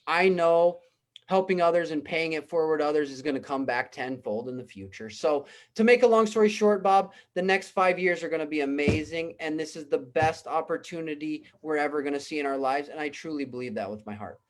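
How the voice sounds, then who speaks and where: A man's voice: a little high, brisk. A man giving an earnest, emphatic motivational pep talk as a guest speaker on a business call. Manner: earnest, emphatic, repetitive exhortations. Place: home in Costa Rica.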